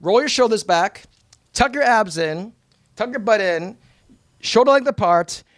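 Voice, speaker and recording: Energetic high-voiced American man speaking. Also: unhurried, no echo. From New York. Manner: energetic, blunt and emphatic, with mock voices. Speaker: motivational speaker. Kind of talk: live seminar talk to an audience.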